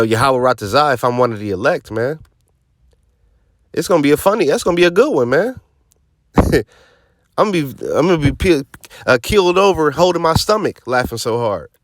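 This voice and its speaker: A man's voice: mid-range voice, no echo, studio quality. A man preaching scripture informally, emphatic and streetwise, often tossing in "man" and "right?" and sarcastic asides. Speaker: teaching officer of a religious group.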